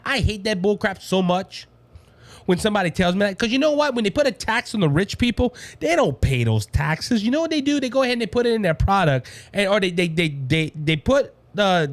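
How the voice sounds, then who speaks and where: A fired-up Cajun man hosting a political talk show. His pitch sits high and swings widely as he preaches to his listeners. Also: dry recording. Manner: fired-up, preachy, keeps saying "ladies and gentlemen".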